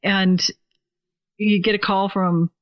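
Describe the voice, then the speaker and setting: A woman's voice: mid-range voice, flat delivery, slow, muffled recording. A woman from Oregon, a professional singer, chatting animatedly as a guest on a casual podcast. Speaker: guest musician.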